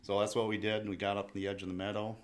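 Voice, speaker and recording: A man telling his story as a podcast guest, in a relaxed, halting way with frequent restarts. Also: lowish voice. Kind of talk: casual storytelling.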